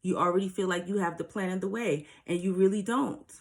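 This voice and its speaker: A woman with a slightly low voice talks straight to her viewers about spiritual growth. She is earnest and a touch preachy, and she keeps checking in with questions to make her point land. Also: fairly quick. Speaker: spiritual advice vlogger. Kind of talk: casual spiritual advice monologue.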